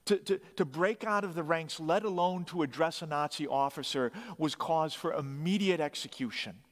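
A man's voice: fairly high pitch, moderate pace. A man preaching, telling a story dramatically with emphatic rising bursts. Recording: long hall reverb.

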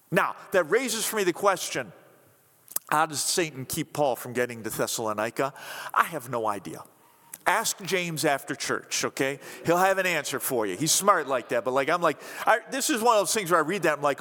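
A man preaching a sermon in a conversational, animated way, acting out what people say. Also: fairly high pitch, moderate pace. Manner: animated, conversational, acts out quotes. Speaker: pastor. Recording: reverberant hall.

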